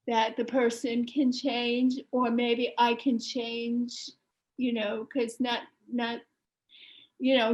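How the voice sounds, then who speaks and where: A woman in a workshop, sharing her experience haltingly with many fillers and restarts over a video call. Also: fairly high pitch, poor audio. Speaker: workshop participant.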